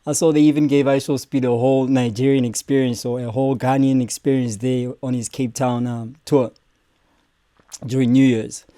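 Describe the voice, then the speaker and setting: A man's voice: mid-range voice, flat delivery, normal speed, dark tone, no echo, clean studio sound. A young man, hosting a casual reaction stream and cursing and joking as he talks back at clips.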